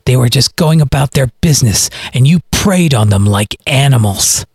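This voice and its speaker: A man voicing a grim, vengeful man who speaks in a low, clipped and menacing way. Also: expressive, moderate pace, a little mellow, breathy edge, no echo, studio quality. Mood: accusing.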